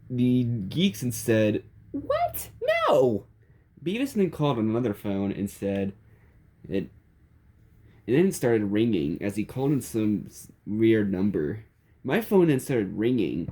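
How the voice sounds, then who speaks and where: A man's voice: fairly low pitch, dark tone. A man narrating a silly comedic story in a playful, chuckling way.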